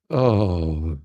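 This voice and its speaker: A man's voice: low-pitched, mellow, slight background noise. A man hosting casual news commentary, mocking and laughing often. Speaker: host.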